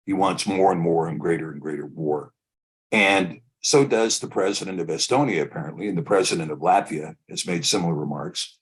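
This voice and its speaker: A man with a low, husky voice hosts a live online talk show. He talks in a conversational way, giving opinionated commentary and building each point slowly and at length. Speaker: host.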